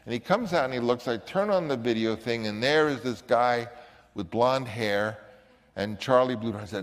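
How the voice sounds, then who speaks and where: An older man, a filmmaker, telling an anecdote in an animated way and acting out the voices of others. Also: medium pitch, moderate pace, big-room sound. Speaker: filmmaker recounting a story. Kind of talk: anecdotal storytelling.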